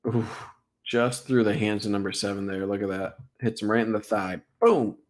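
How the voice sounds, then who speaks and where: A young man with a fairly low voice talks through football plays on a casual stream. He gets excited over big hits and packs his talk with "like" and "right?". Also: normal speed. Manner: excitable, filler-heavy, lots of "like" and "right?". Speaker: sports streamer breaking down game film. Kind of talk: casual live-stream film breakdown.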